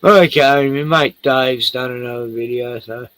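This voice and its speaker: A man's voice: mid-range voice, fairly even intonation, unhurried, a bit bright, no echo, low-quality recording. An older Australian man hosting a casual livestream, rambling and swearing freely while tipsy from a few beers. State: tipsy from beer. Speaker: livestream host.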